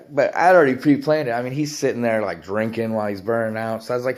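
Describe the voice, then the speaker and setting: A man's voice: mid-range voice, fairly quick. A man telling a rambling biker story in casual talk, swearing often and laughing between lines.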